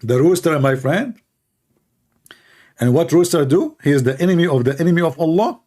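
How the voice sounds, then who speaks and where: A man's voice: a little high, expressive, normal speed, a little mellow. A man hosting a debate channel, giving sarcastic, incredulous commentary on religious texts.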